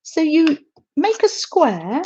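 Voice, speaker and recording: A woman hosts a craft livestream, chatting with viewers and often restarting her sentences between giggles. Her voice sits fairly high and moves animatedly, at an unhurried pace. The audio is dull and lo-fi. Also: sing-song, dark tone. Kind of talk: casual craft demonstration to live chat.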